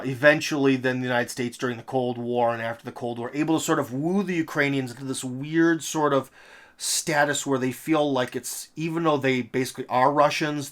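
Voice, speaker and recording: A man's voice: medium pitch, a bit bright. A man hosting a political commentary monologue, talking in an emphatic, rhetorical way with sarcastic asides. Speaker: host.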